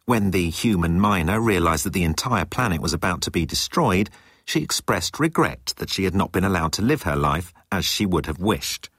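A measured machine voice from a talking digital bird, speaking slowly and precisely. A man puts it on, keeping it low and slightly husky, with a dry close sound. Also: lively intonation, fairly bright tone, no echo, heavily acted. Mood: explaining.

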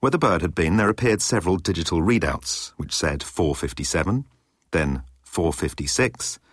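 A man narrating an audiobook with a very deep voice that moves a lot in pitch. His tone is a touch husky, and the recording is close and dry. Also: expressive, normal speed, dry recording. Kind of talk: scripted narration.

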